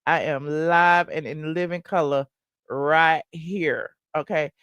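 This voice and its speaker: A woman's voice: low voice, steady tone, slow pace, a bit bright, clean tone, dry recording, dull audio. A woman hosting a casual live stream, chatting and laughing as she reads viewer comments. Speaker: live-stream gossip host.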